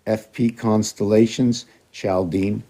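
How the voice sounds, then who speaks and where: A man's voice: fairly low pitch, steady tone, slow, mellow. A man in a rambling, casual monologue who talks to his cats in a raised, coaxing voice and jumps between loose ideas.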